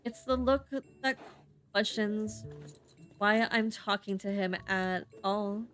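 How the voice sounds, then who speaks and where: Woman streamer, slow halting read-aloud of game text, lots of slips and restarts. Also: medium pitch, fairly bright tone, soft background music. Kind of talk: reading game narration on stream.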